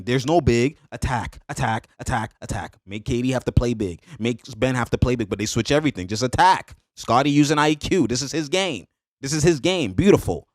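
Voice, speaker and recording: A man reacting to basketball highlights in a hyped, slangy way, laughing often and repeating catchphrases. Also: no room sound, studio quality. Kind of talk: excited casual highlight reaction.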